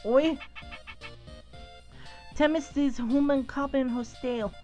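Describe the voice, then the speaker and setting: A woman's voice: high-pitched, fairly even intonation, takes it slowly, mellow, faint music behind, pitched above the performer's own voice. A woman voicing a clumsy, cheerful little cat-dog creature girl who talks in broken baby talk. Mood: excited.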